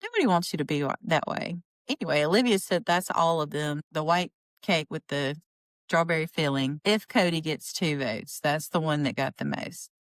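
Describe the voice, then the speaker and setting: A woman hosting a podcast, recapping a reality show in a chatty, indignant way and quoting people in lively voices. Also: low voice, normal speed, no room sound. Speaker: podcast host. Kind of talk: casual commentary on a reality show.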